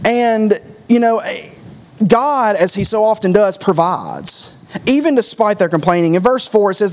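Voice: medium pitch, animated, moderate pace. Give me an emphatic, conversational preacher. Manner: conversational, emphatic, rhetorical questions, repeats phrases. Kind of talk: sermon.

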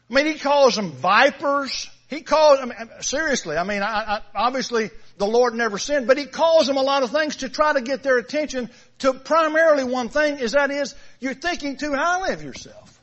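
A man's voice: extremely high pitch, moderate pace, a bit bright. Man, preacher, sermon, emphatic, repetitive, muffled lo-fi recording. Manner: emphatic, repeats phrases, stresses key words. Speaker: pastor. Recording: dull lo-fi sound.

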